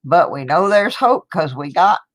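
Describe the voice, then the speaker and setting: Low, slow-talking woman vlogger. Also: big pitch swings. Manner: chatty and rambling, with small laughs. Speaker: coin roll hunting vlogger. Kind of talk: casual chat to viewers. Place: home, indoors.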